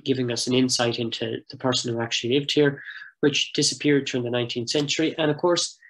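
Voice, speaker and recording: A man of middle pitch presenting a heritage talk over a video call. He speaks in a thoughtful, measured way, pausing often with small fillers as he walks through maps on screen. His voice sits in an ordinary register for a man. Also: fairly even intonation, a bit bright, rough recording. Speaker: project coordinator giving a heritage talk. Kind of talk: online presentation with shared maps.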